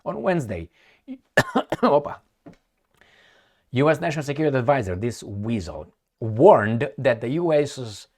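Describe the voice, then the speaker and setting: Sarcastic Romanian-accented man with lively pitch. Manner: sarcastic and scornful, laughs at his own remarks. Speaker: political commentator. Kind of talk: casual opinion commentary reading news quotes.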